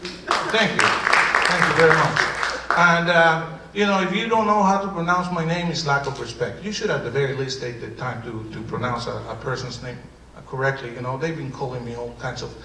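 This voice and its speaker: A man's voice: mid-range voice, normal speed, crowd noise, close to an everyday voice. An actor playing a defensive, brash male immigrant comedian with a Spanish accent, rambling and stammering through a live improv bit. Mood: mocking. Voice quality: lively, rambling, stammering delivery. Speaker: improv performer. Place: theater stage before an audience. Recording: roomy hall, distant mic, loud noise.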